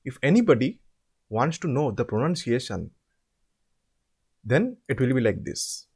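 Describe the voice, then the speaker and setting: Guy tutoring online, lively up-and-down voice, kinda husky, says words over slowly. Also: mid-range voice. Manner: asks the listeners questions and answers them himself; repeats words slowly to show how they are said. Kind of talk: explaining an assignment step by step.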